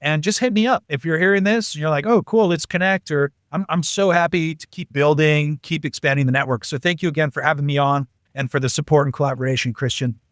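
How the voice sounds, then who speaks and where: A man telling casual, animated stories as a podcast guest. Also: on the high side, quick pace, hardly any pauses, dry recording, clean studio sound. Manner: animated, jumps into quoted voices. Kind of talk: casual anecdotal storytelling.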